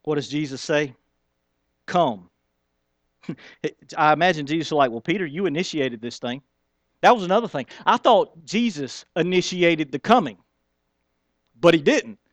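High-voiced preaching man, dry sound. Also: expressive, a little slow, long pauses, no room sound. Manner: conversational preaching, acting out quoted lines. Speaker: pastor. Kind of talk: sermon.

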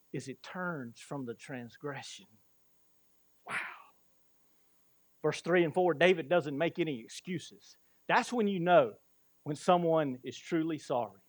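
Male pastor preaching a sermon, gets impassioned, pushes loud then drops soft, dry sound, no room echo. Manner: impassioned, rising and falling in pitch and volume, with quick bursts.

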